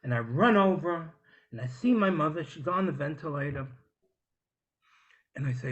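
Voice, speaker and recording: Man, stand-up comic, high bright voice, hushed stories with shouted punchlines. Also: big pitch swings, fairly quick. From New Jersey, US. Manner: swings from hushed storytelling to loud shouted punchlines. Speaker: stand-up comedian. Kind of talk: stand-up set on a video call.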